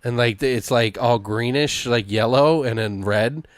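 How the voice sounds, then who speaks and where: A man's voice: medium pitch, unhurried, no room sound, clean studio sound. Profane, rambling male podcast storyteller. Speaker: podcast co-host. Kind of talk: casual brainstorming chat.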